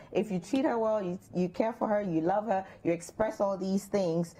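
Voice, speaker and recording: A Ghanaian woman co-hosting a relationship advice show in a studio, chatting in an animated, playful way and acting out quoted lines. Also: mid-range voice, moderate pace, few pauses. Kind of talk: lively studio chat giving advice.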